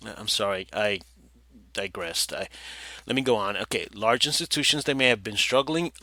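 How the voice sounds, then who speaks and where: A man's voice: fairly low pitch, moderate pace, no room sound. A man hosting a talk show, reading an article aloud and breaking off into sarcastic, digressive commentary. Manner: sarcastic, digressive, bursts into loud mock voices. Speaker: podcast host.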